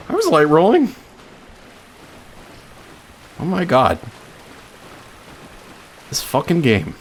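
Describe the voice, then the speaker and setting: A man casually commenting on his own gameplay, joking, swearing and talking back to the game. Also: high-pitched. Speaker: streamer.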